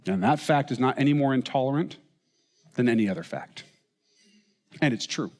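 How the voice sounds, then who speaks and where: A man's voice: medium pitch, expressive, normal speed, darkish tone, long reverb tail. A man preaching a sermon, asking rhetorical questions and reading quotations aloud with rising emphasis. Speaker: pastor. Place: church auditorium.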